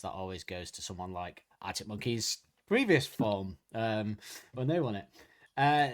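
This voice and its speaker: Irish man, podcast host, rambling casual talk, laughs a lot. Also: lowish voice. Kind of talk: casual chat.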